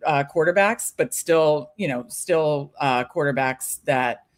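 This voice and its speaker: A woman's voice: low voice, measured pace. Chatty upbeat woman co-hosting a stream. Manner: upbeat, chatty, many fillers. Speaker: podcast co-host. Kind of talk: casual live stream chat.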